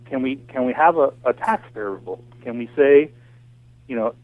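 A man's voice: medium pitch, lively intonation, normal speed, dry recording. An American man talking passionately in a casual call conversation, ranting with lots of restarts and fillers. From United States. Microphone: phone or voice call. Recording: tinny phone line, dry.

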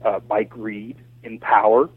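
A man's voice: fairly low pitch, level tone, measured pace, breathy edge, no room sound. An American man talking passionately in a casual call conversation, ranting with lots of restarts and fillers. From United States. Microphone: phone or voice call. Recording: tinny phone line, dry.

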